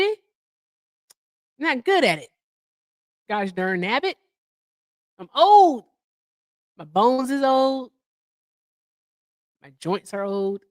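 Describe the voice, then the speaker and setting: A woman's voice: medium pitch, fairly bright tone, no echo, studio quality. A woman hosting a livestream in casual chat, chatty and effusive as she thanks her viewers. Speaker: livestream host.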